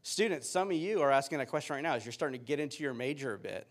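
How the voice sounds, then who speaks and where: A man's voice: mid-range voice, expressive, rapid-fire. A man in his thirties, a pastor giving a sermon with upbeat, joking storytelling.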